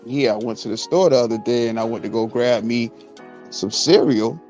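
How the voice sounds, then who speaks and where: A man doing reaction commentary, telling stories in a loud, joking way. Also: mid-range voice, moderate pace, faint music behind. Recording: dull lo-fi audio.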